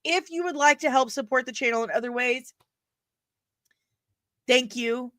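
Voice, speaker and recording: A woman hosting a live stream in a relaxed, joking way, her voice sitting a little high for a woman. She chats with viewers and breaks into sudden loud, energetic bursts. The sound is dry and close, with no room around it. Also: normal speed, no room sound. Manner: playful, quoting film lines, bursts of loud energy. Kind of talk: casual live-stream chat.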